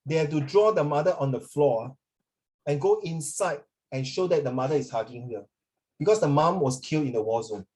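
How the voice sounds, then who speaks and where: Rambling male English teacher, somewhat high-pitched, keeps checking in with the class and code-switches to Mandarin. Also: expressive, a little fast, darkish tone. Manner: rambling, often checks in with students; mixes in Mandarin phrases. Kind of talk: classroom lecture.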